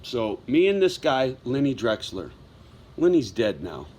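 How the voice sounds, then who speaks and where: A man's voice: medium pitch, big pitch swings, unhurried, darkish tone, slightly rough. A middle-aged man telling a story in a casual vlog monologue, blunt and heavy with swearing, wound up as he talks. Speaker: vlogger.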